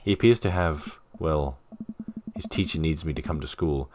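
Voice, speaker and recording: A man voicing a posh, overly formal gentleman dad while reading game dialogue aloud. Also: a bass voice, normal speed, background noise. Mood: formal, apologetic.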